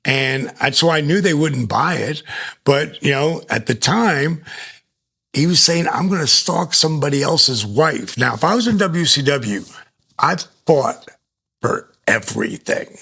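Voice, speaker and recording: An older man with a deeply gravelly, husky voice, spinning loose, profane stories as an interview guest. His delivery is animated, and he slips into other people's voices as he goes. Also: unhurried. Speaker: guest, retired wrestler. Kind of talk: casual storytelling in an interview.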